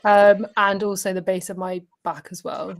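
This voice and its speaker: A woman's voice: mid-range voice, steady tone, normal speed. A woman in her thirties, a guest on a video call, speaking hesitantly with many fillers and restarts. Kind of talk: casual chat.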